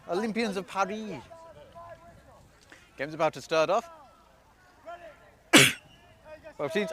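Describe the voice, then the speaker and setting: A man giving solo live play-by-play commentary beside an outdoor pitch, chatty and self-deprecating, often losing track of team names. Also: a bit bright. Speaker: sports commentator.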